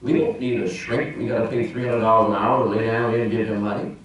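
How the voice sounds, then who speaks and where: A man's voice: on the low side, steady tone, fast talker. Imam, man, conversational sermon with rhetorical questions; distant, heavily reverberant hall. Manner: conversational preaching, rhetorical questions, swings loud and soft. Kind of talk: Friday sermon. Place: mosque prayer hall. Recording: very echoey mosque hall, speaker off-mic.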